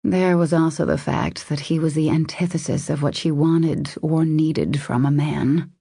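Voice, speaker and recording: Reading a romance audiobook, a woman speaks in a measured, intimate way, her low, dark voice husky and breathy with gravelly fry. The recording is close and dry.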